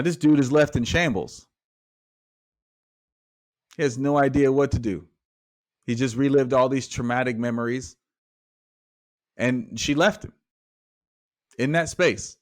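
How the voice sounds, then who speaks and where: Animated male life coach telling a story. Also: medium pitch. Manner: animated storyteller acting out dialogue. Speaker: podcast guest, life coach. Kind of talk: storytelling in conversation.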